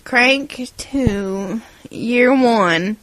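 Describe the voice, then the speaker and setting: Bright, high-voiced woman co-host, giggly and animated, acting out lines in casual chat. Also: very slow, rough recording. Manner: giggly, animated storyteller who acts out quotes. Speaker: podcast co-host.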